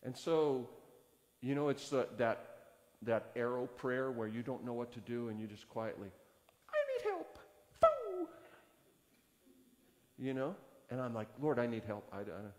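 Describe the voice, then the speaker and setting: A man's voice: steady tone, moderate pace, darkish tone. A male pastor preaching a sermon in a casual, storytelling way, acting out both sides of a conversation. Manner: conversational, acts out dialogue with rising pitch. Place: church sanctuary. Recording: long hall reverb.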